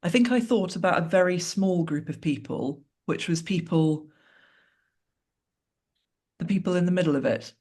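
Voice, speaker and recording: A woman's voice: fairly low pitch, normal speed, long pauses, a little mellow. A woman author speaking as a guest in an interview, talking candidly and reflectively with wry asides over a video call.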